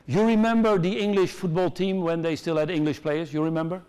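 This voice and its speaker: A middle-aged man with a Dutch accent giving an animated, joking conference keynote in a large hall. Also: fairly high pitch, fairly quick, clear, resonant tone. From Netherlands. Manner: animated, joking, acts out quoted voices. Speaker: conference speaker.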